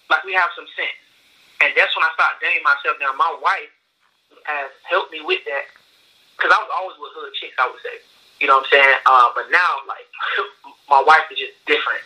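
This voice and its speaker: A young man talks quickly in a relaxed podcast conversation. He tells his story with energy, acts out what others said and restarts his sentences often. His voice is bright and sharp, with a slightly high pitch. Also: rough recording. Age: 20s. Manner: fast, animated storytelling with many restarts and acted-out quotes. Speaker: guest, small business owner.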